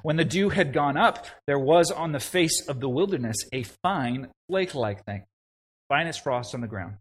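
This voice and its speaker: A young adult man preaching a sermon, animated, with frequent restarts and conversational asides. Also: a little high, moderate pace, breathy edge. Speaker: pastor.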